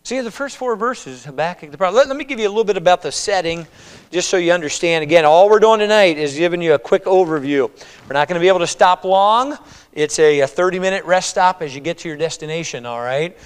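A male pastor preaching a sermon, voicing a prophet's laments in loud, high, dramatic cries and praying in a softer, lower voice. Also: fast, smooth. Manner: soft, low prayer voice. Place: church sanctuary. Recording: long reverb of a church hall.

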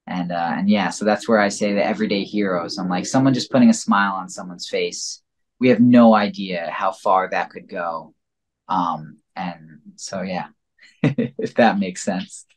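A man's voice: low-pitched, fairly even intonation, a little slow. A man speaking as a guest in a casual interview, rambling and reflective, with many filler words. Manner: rambling and reflective, heavy use of "like" and "you know". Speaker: podcast guest.

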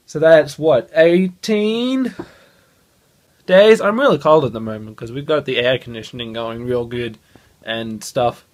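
A young man vlogging into a phone held at arm's length, excited and swearing a lot. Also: medium pitch, a little slow. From Australia. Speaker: gaming channel host. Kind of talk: casual vlog.

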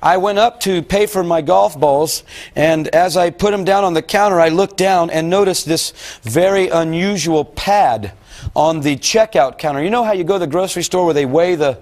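Man, middle-aged, fairly high voice, folksy rambling sermon, speaks straight to the crowd. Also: normal speed, darkish tone. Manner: folksy, rambling, addresses the audience directly. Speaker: preacher. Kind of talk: sermon recounting a dream.

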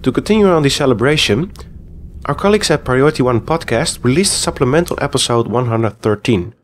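A man hosting a podcast and reading a news segment in an even, read-aloud way. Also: medium pitch, fairly quick, slight background noise. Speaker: podcast host.

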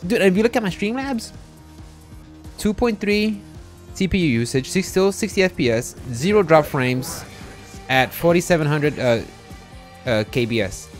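A man streaming a live game, commenting excitedly, cursing and bursting into shouts. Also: a little high, normal speed, long pauses, soft background music.

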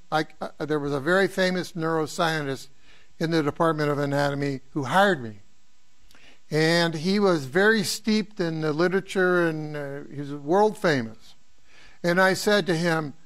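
High-voiced, rambling older professor. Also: male voice, moderate pace, a bit bright. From American Midwest. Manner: rambling, anecdotal, asks students questions. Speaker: neuroanatomy professor. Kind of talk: informal exam review lecture.

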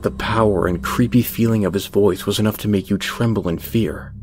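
A man's voice: on the low side, steady tone, darkish tone, a little hiss or hum. Man reading a creepy story. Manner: measured, tense narration. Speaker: narrator. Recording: music bed under voice.

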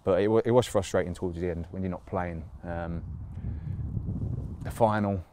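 A man's voice: low voice, fairly even intonation, normal speed, background noise. A man, a footballer reminiscing in a casual interview, rambling with lots of fillers and laughs. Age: 30s.

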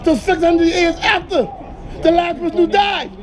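A man's voice: very high-pitched, moderate pace. A man arguing heatedly on a city street, combative and talking over the other speaker. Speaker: street debater. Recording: outdoor street recording, crowd behind.

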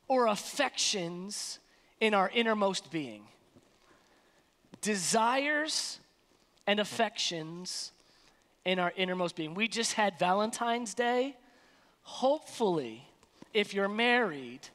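Woman pastor, emphatic folksy sermon, lively pitch, church-hall echo. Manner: emphatic, colloquial preaching. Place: church sanctuary.

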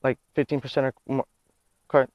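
A young man pulling pranks in public, rambling in a halting, confused way with lots of fillers. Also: medium pitch, flat delivery, dry recording, dull audio. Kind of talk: prank video, acting confused.

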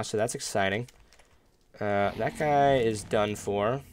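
A man hosting a gaming video, chatting casually and upbeat while he plays, with sudden loud outbursts and playful groans. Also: fairly low pitch, a little hiss or hum. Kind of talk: casual gameplay commentary.

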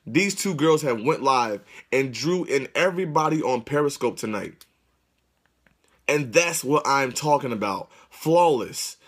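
A man's voice: mid-range voice, animated, measured pace, fairly bright tone. A man hosting a livestream, speaking fervently to his viewers with churchlike, repetitive exhortations. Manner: religious, churchlike phrasing. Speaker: livestream host. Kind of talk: excited livestream address to viewers. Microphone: phone livestream.

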